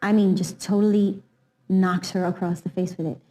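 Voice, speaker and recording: A woman's voice: lowish voice, steady tone, moderate pace, warm tone, a little hiss or hum, low-quality recording. A woman recounting a family memory in a candid documentary interview, telling it with emotion and animation.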